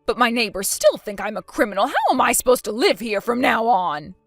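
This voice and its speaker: A woman's voice: on the high side, animated, a little fast, a bit bright, no echo, soft background music. A woman voicing a scheming, spiteful elderly grandmother in a texting story, talking defensively and full of self-pity. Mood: indignant. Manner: defensive, indignant, self-pitying.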